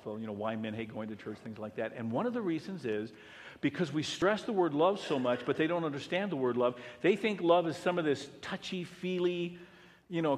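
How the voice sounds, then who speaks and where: A male pastor preaching a sermon, swinging between loud emphatic passages and hushed ones. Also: a little high. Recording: long reverb of a large hall.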